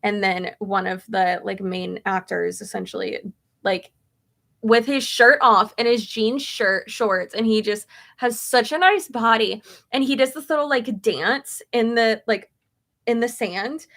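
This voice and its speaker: Young woman, casual vlog chat, rambling and filler-heavy, slight vocal fry, fairly high voice. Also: a little slow, a bit bright. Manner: chatty, rambling with many fillers. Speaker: beauty vlogger answering viewer questions.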